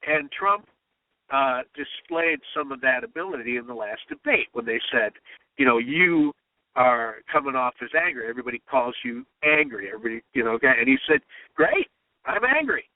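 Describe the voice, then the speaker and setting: Male comedy writer telling lively anecdotes, mimicking quotes; thin phone-line audio. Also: medium pitch, brisk, no echo. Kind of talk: storytelling interview talk. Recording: tinny phone-line sound.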